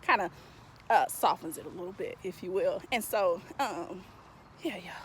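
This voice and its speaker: A woman vlogging outdoors in a park, telling her story with animated emphasis, a little out of breath as she walks. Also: on the low side, normal speed, a little hiss or hum. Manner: animated, emphatic storytelling, addresses viewers as y'all. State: slightly out of breath while walking. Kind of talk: casual talking-head vlog.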